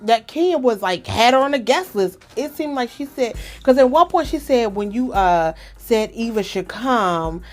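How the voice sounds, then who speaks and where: A woman's voice: a little high, moderate pace, hardly any pauses. A woman hosting a podcast, chatting casually and acting out quotes while recapping a reality show. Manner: chatty, animated, acts out quotes. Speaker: podcast host.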